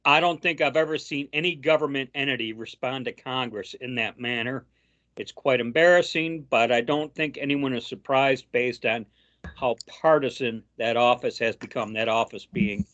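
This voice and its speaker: Man, casual political chat, reads quotes aloud, halting fillers, lo-fi sound. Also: medium pitch, a bit bright. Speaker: co-host.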